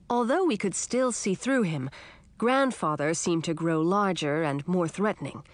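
Expressive woman reading a storybook. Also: lowish voice, unhurried, dry recording. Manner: expressive first-person reading. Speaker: audiobook narrator. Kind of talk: storybook narration.

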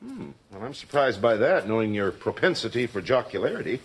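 An actor playing a wise, philosophical middle-aged neighbor in a sitcom, thoughtful and erudite. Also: male voice, mid-range voice, sing-song, fairly quick, slightly rough. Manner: thoughtful, erudite, gently advising.

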